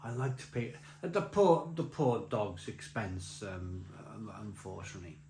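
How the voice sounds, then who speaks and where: Man, casual anecdote, lively swooping pitch, roomy echo, faint background ambience. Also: moderate pace, a little hiss or hum. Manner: rambling, laughing storyteller with many restarts. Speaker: beer vlogger telling a story. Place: beer festival.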